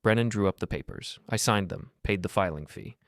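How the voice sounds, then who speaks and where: A middle-aged man narrating a first-person revenge story in a cold, measured, deliberate way. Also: lowish voice, fairly bright tone, no room sound, clean studio sound.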